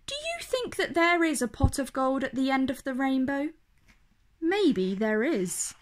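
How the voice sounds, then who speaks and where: A woman reading a picture book aloud for children, in a slow, clear, expressive way. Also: sits high. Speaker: storyteller.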